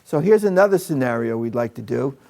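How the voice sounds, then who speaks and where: Gravelly man demonstrating classroom technique. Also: medium pitch, brisk. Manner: calm and direct, speaks to the room. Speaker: teacher trainer.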